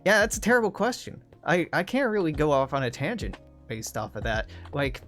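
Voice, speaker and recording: A man's voice: a little high, big pitch swings, brisk, a bit bright. A young man hosting a gaming video, chatting casually in a sardonic, profane, rambling way over background music. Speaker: gaming channel host.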